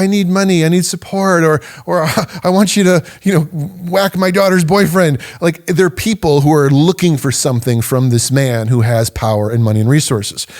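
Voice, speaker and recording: A man's voice: fairly high pitch, darkish tone. A man hosting a podcast, giving an emphatic, conversational teaching monologue and laughing now and then. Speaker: podcast host.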